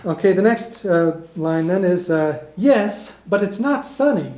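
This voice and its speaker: Higher-voiced man teaching in an echoey classroom. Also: animated, darkish tone. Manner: explains step by step, models phrases slowly for repetition. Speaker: Irish language teacher. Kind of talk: classroom language lesson. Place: community classroom in a heritage house.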